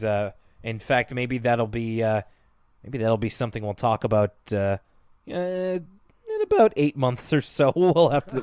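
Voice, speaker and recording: A man's voice: medium pitch, no room sound, studio quality. A man co-hosting a podcast, casually recapping a cartoon episode, rambling and laughing often. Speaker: podcast co-host.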